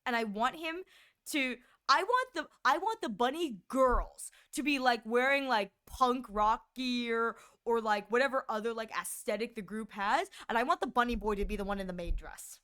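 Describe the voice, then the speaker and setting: A young woman streamer chatting casually with viewers, rambling and animated, often stammering and restarting her words, with a voice she calls shrill. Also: normal speed.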